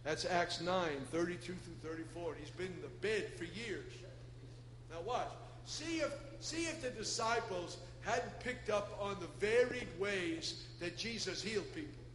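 A man preaching a Pentecostal sermon in a folksy way, swinging between loud shouting and soft asides. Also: high-pitched, a little slow, a little hiss or hum. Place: church. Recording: echoey church hall with ambience.

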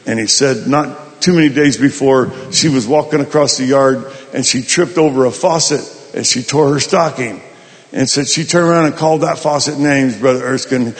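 A male pastor telling a folksy, animated story in a sermon. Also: mid-range voice, normal speed, big-room sound. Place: large hall at a summit.

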